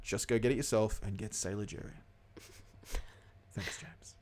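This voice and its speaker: A man's voice: on the low side, fairly even intonation, quick pace, a little mellow, slight background noise. Rambling, swearing young man on a podcast. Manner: rambling, swears a lot, loses his words. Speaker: podcast co-host. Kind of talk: casual podcast chat.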